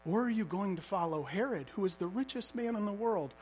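A man's voice: high-pitched, expressive, brisk, a little mellow, husky. A man preaching a sermon as a pastor, telling stories vividly and asking the congregation rhetorical questions.

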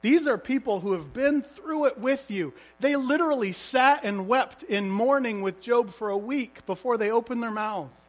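A man's voice: very high-pitched, moderate pace, hardly any pauses. A man preaching a sermon as a pastor, telling stories vividly and asking the congregation rhetorical questions.

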